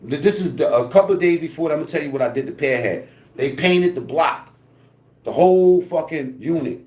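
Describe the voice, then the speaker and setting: A man's voice: fairly high pitch, a little fast, reverberant. A man telling a story from prison in a casual, profane way, acting out the sounds with lots of "you know what I mean". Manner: animated, profane, acts out voices and sounds, many fillers.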